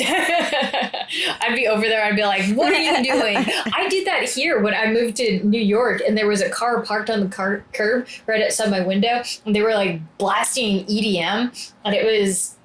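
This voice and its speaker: Woman, podcast guest, casual chat, animated storyteller, echoey room. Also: mid-range voice, moderate pace. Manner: animated storyteller, acts out quotes, laughs often.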